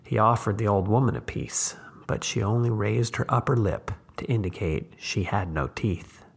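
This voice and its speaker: A man, the host, reading a short story aloud in measured, unhurried scripted narration. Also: lowish voice, gravelly, breathy edge.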